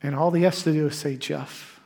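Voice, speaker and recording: A man preaching a sermon as pastor, emphatic and animated, breaking into laughing asides. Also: a little high, very fast.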